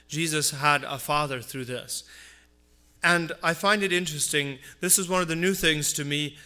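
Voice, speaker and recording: A man preaching a Christmas sermon, earnest and repeating phrases for emphasis, dropping low on his asides. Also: a little slow, pushed and bright. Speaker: pastor.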